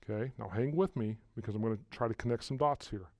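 A man preaching a sermon to a congregation, walking through verses and rising loudly on key words, often repeating himself. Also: lowish voice, quick pace, dry recording. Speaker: pastor.

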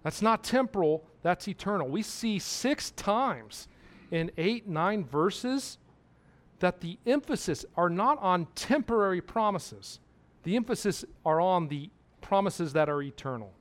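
A man's voice: high-pitched, animated, unhurried. A man preaching a sermon, emphatic and repetitive, asking his listeners questions.

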